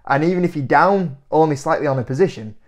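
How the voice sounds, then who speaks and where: Animated young man on camera. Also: a little high, quick pace. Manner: animated, incredulous, laughs often. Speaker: investing YouTuber. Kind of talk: casual to-camera commentary.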